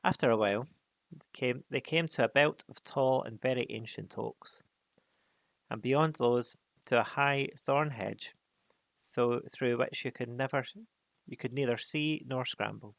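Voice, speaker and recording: A man reads a chapter book aloud at an unhurried pace, with a gravelly texture in his mid-range voice. The sound is close and dry, with no room around it. He drops in casual asides between passages. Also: mid-range voice, a bit bright, no echo. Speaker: reader. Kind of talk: reading a novel aloud.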